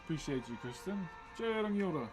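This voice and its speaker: A laid-back young man with a New Zealand accent chats easily with his stream viewers, his voice sitting a little high. Faint music plays under him. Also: animated, a little fast, poor audio. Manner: laid-back, greets chat viewers by name. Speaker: livestream host. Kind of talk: casual livestream chat while wood carving.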